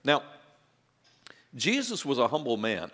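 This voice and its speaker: Pastor man preaching, chatty and jokey, mid pitch, big hall reverb on it. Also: big pitch swings, measured pace, a bit bright. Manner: conversational, humorous asides, repeats words. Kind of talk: sermon. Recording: long reverb in a large hall.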